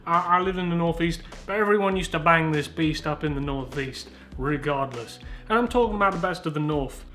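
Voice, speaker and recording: A Southern English YouTuber in his twenties hosts casual comedic commentary, rambling, swearing, and mocking himself. His fairly high voice is brisk, pushed, and bright, with soft music in the background.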